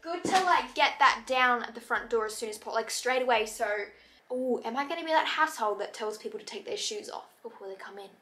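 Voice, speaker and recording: A woman's voice: fairly high pitch, expressive, brisk, pushed and bright, slight background noise. A young Australian woman in her twenties vlogging casually at home, rambling with lots of filler words. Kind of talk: casual vlog chat. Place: at home indoors.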